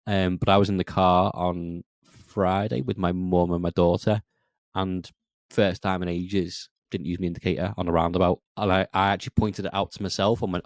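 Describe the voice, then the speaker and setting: Fast-talking low-voiced man. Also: no room sound, studio quality. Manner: animated, acts out quoted lines in a raised voice. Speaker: podcast co-host. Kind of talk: casual chat.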